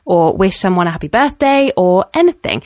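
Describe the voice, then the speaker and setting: A woman's voice: lowish voice, animated, a little fast, darkish tone, no echo, studio quality. A woman co-hosting a podcast in casual chat, talking in a loose way with frequent ums. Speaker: podcast co-host.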